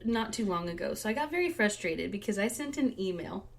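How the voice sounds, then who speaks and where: A woman co-hosting a podcast in casual chat, telling stories in an animated way and laughing as she talks. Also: medium pitch, brisk. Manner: animated storyteller, laughs while talking. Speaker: podcast co-host.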